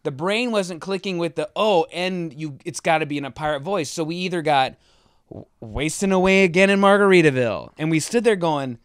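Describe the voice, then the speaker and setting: A man's voice: a little high, moderate pace, clean tone, no echo, clean studio sound. A man co-hosting a casual podcast chat, telling stories animatedly and acting out quotes. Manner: animated storyteller, acts out quotes. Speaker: podcast co-host, tour roadie.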